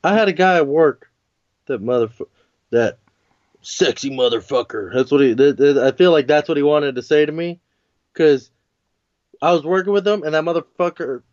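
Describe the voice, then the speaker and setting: A man in relaxed podcast chat, teasing his co-host in a laid-back way. The recording sounds dull and lo-fi, and it is dry and close. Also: on the high side, moderate pace, long pauses, no echo. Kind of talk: casual chat.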